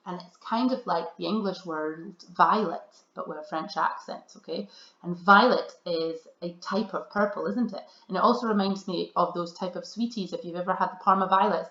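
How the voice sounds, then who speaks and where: A woman's voice: lowish voice, fairly bright tone, roomy sound, highs cut off. A woman teacher, cheerfully talking through a recorded slideshow lesson for children and stressing the key words. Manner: cheerful, encouraging, speaks slowly with emphasis on key words.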